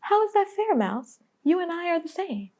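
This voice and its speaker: A woman's voice: very high voice, big pitch swings, moderate pace, mellow, pitched above the performer's own voice. A woman voicing a smug, condescending man who talks down to a mouse with false sympathy. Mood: patronizing.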